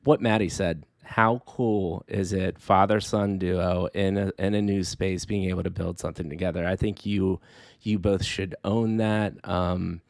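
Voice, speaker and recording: Deep-voiced male podcast host, dry mic. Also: fairly even intonation, measured pace, vocal fry, a little mellow, dry recording. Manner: earnest, listing his points, swears casually. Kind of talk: casual podcast chat.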